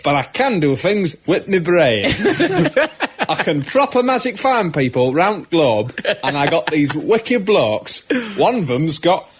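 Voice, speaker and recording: A man's voice: a little high, big pitch swings, slow pace, slightly rough, full character voice. A man voicing a brash, slangy, wheelchair-bound male psychic who swaggers as he talks. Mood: boastful.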